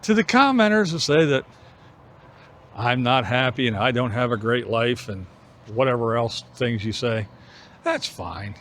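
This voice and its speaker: A middle-aged man vlogging on an evening walk outdoors, musing in an unhurried way with pauses between phrases. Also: mid-range voice, expressive, a bit bright, slight background noise. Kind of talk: reflective walking vlog chat.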